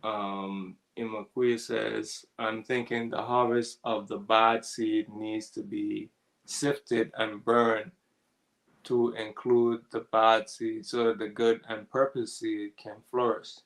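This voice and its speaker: Gravelly, laid-back man with a chuckle. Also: fairly low pitch, slow pace, poor audio. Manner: relaxed, laughs often, reads out chat comments. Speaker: co-host of a ministry talk. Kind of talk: casual spiritual discussion.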